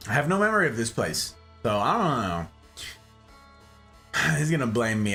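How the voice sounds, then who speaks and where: A male game streamer whose pitch swings widely as he banters with his chat, laughing often and talking in a loose, casual way. His voice has a bright, forward edge, with faint music playing underneath. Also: very animated, moderate pace, pauses often.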